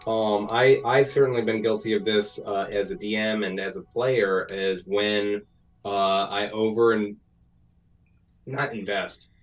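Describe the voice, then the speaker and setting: A man's voice: lowish voice, unhurried. A man on a casual talk show giving earnest advice, recorded from away from the microphone. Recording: distant from the mic.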